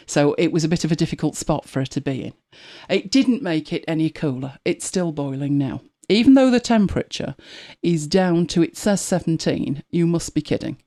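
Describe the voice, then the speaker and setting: A woman's voice: sits low, warm tone. A woman with an English accent hosting a live podcast, telling wry everyday stories with a chatty manner. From Manchester, England. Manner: chatty, wry storytelling with laughs. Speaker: podcast host. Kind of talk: casual chat on a live podcast.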